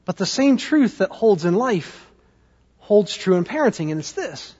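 A man in his thirties preaches a sermon, his fairly high voice rising and falling with lively energy as he throws questions at the congregation. His tone is slightly husky, and the recording is dull and lo-fi, with a long church reverb trailing each phrase. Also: measured pace. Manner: animated, conversational preaching with rhetorical questions. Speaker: pastor. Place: church sanctuary.

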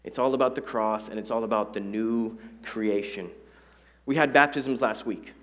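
A man's voice: lowish voice, normal speed, fairly bright tone. A male pastor preaching in church, in a conversational way with joking asides, repeated key phrases and questions to the congregation. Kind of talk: sermon.

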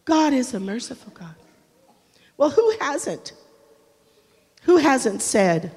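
A woman's voice: high voice, slow pace, pauses often, slightly rough. Woman preaching in a reverberant hall. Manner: animated, humorous, acts out quotes with big shifts in loudness. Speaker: pastor. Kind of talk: sermon. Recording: long reverb of a large hall.

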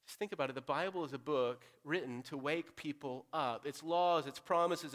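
A pastor preaching an earnest, direct sermon, moving between loud urging and quiet, pressing appeal. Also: male voice, on the high side, moderate pace, hardly any pauses.

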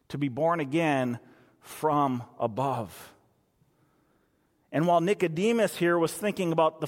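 A man's voice: on the high side, big-room sound. A man preaching a sermon as pastor, emphatic and repeating phrases for stress.

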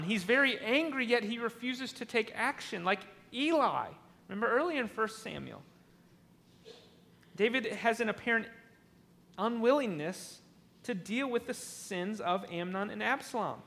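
A pastor preaches a sermon in a fairly high, slightly bright male voice with a long reverb tail. He retells a scripture passage and acts out its lines, frequently repeating and restarting words.

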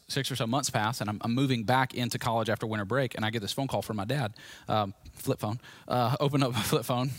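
A man preaching a personal testimony sermon to a room, speaking candidly and swinging between hushed storytelling and loud, emphatic points. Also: lowish voice, no echo. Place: room with a live audience.

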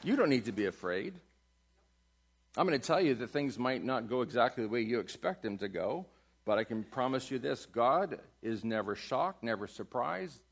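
Animated preaching man. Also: mid-range voice, moderate pace. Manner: preaching with sudden loud climaxes and questions to the congregation. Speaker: pastor. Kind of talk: sermon. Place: church sanctuary.

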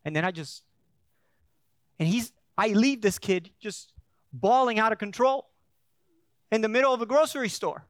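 A man's voice: high-pitched, normal speed, pauses often, no room sound, studio quality. A male pastor preaching a sermon, telling a story in a conversational way with frequent restarts, then building to emphatic preaching. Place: church.

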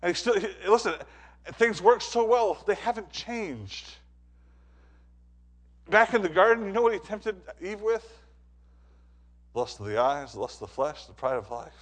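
A man delivering a sermon in a somewhat high voice. He moves between quiet, low-key stretches and loud, emphatic passages, stacking repeated words as he builds. The delivery is animated and earnest. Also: a little slow, long pauses. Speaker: preacher.

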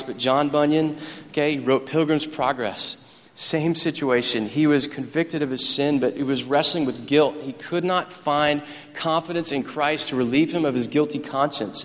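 Male pastor, excitable storytelling preacher, higher-pitched, recorded in a reverberant church hall. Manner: animated, storytelling preacher who gets excited. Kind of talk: sermon. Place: church sanctuary.

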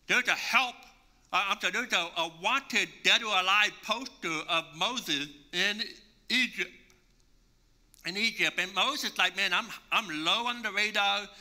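A male pastor preaching a sermon, conversational and animated as he tells the story. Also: high voice, in a large hall.

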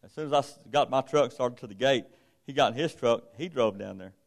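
A man's voice: mid-range voice, fairly quick, vocal fry. A middle-aged man, preaching in a folksy, conversational way and telling personal stories. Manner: folksy, conversational, retells dialogue. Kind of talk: sermon storytelling.

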